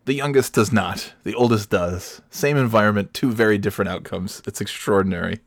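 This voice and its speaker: A man's voice: lowish voice, a little fast, no room sound, studio quality. A middle-aged man hosting a podcast, ranting alone in a sarcastic, profane way. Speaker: podcast host. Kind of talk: solo comedic rant.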